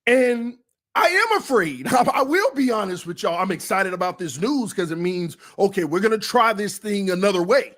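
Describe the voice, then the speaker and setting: A man with a high-pitched voice hosts a sports fan livestream in casual commentary. He talks in an emotional, confessional way and keeps circling back to repeat his point. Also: a bit bright. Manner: casual, repeats himself for emphasis. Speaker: sports fan show host.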